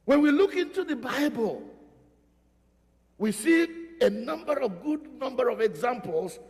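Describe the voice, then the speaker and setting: A male pastor preaches in a high, gravelly voice that swoops widely from phrase to phrase. He leans on repetition to drive each point home. His words ring out with the long reverb of a church hall. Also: expressive, measured pace, darkish tone. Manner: emphatic, repeats phrases for stress. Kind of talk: sermon. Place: church sanctuary.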